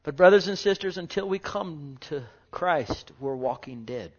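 A man preaching a sermon with fervor, dropping to hushed murmurs and rising to loud exclamations, full of rhetorical questions. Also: a little high, animated, measured pace. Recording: dull lo-fi recording.

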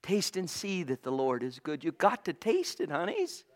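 A man preaching a sermon with great passion, swinging from loud cries to hushed whispers. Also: fairly high pitch, wildly swooping pitch, normal speed. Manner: impassioned, swings from shouting to whispers.

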